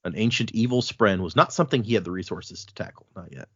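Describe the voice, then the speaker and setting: Low husky guy reading from a book and chatting about it, dry muffled podcast sound. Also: quick pace, few pauses, no room sound. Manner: relaxed, with fillers and restarts. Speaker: podcast host reading aloud. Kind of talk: casual book discussion with read-aloud passages.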